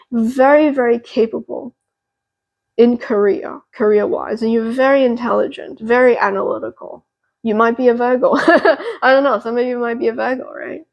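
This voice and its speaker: A young woman hosting a pick-a-card tarot reading, talking gently and reassuringly with a therapeutic tone and many fillers. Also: a little high, gravelly, low-quality recording. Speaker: tarot reader and channel host.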